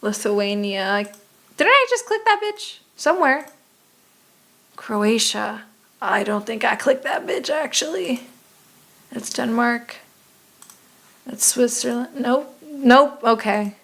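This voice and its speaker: Slow-talking, swearing woman streamer. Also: on the high side, expressive, fairly bright tone. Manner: profane, exasperated muttering while playing. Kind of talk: casual game stream chat.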